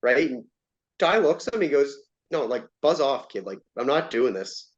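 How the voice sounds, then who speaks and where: A man telling hockey stories in casual chat, acting out quoted lines in a raised, animated voice. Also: medium pitch, moderate pace. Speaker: interview guest, former player and coach. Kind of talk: casual storytelling. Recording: dull lo-fi sound.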